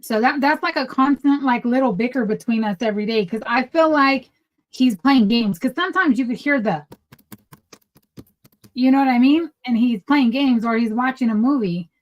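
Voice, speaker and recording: A young woman with a slightly high voice talks in a relaxed, casual way. She tells stories with lots of energy and slips into acting out both sides of the conversations she describes. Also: moderate pace, lo-fi sound. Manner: animated storytelling, acts out quoted dialogue. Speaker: podcast co-host. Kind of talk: casual chat.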